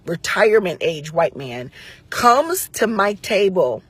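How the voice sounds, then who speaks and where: Husky-voiced woman telling a story. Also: fairly low pitch, big pitch swings, slow pace, no echo. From Central Ohio, United States. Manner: conversational storytelling acting out quoted dialogue. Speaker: vlogger. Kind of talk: storytime rant.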